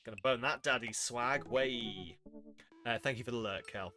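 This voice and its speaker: A man's voice: mid-range voice, steady tone, moderate pace, over music. A man streaming a game, reading its lines aloud and reacting with wry, sarcastic asides. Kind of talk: casual commentary while reading a game aloud.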